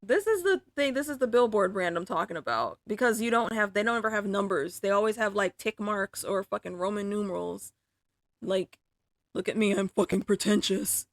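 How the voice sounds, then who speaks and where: A woman's voice: mid-range voice, a little fast, no echo, clean studio sound. A woman chatting casually on a livestream, swearing freely and exclaiming in disbelief. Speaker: livestreaming artist.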